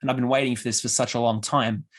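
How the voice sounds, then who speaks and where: A young man on a casual podcast, telling stories with real animation. He slips into quoted voices as he goes, at a middling pitch and an easy talking pace. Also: level tone, fast. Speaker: podcast host.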